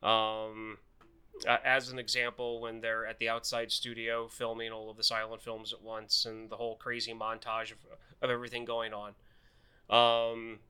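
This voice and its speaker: Bright, rambling male podcast co-host. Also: mid-range voice, monotone, moderate pace, clear, resonant tone. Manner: rambling, many fillers and restarts. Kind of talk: casual movie review chat.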